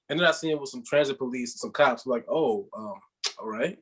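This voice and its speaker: A man's voice: mid-range voice, fairly even intonation, fast, a bit bright, husky, poor audio. A young adult man on a podcast, joking around and telling stories in casual chat. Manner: joking storyteller. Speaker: podcast co-host.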